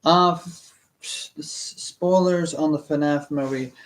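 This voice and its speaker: A man's voice: fairly high pitch, fairly even intonation, slow pace. A young man hosting a casual book reading stream, rambling and stammering with many fillers and restarts. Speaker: book reading channel host. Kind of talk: casual rambling livestream chat.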